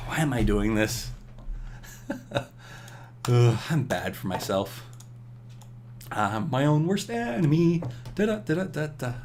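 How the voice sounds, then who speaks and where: A man's voice: medium pitch, expressive, takes it slowly, pauses often, slight background noise. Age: adult. Sex: man. Style: rambling game commentary, talking to himself. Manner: rambling, scolds himself aloud, chuckles. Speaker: gameplay commentator. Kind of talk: casual gameplay commentary.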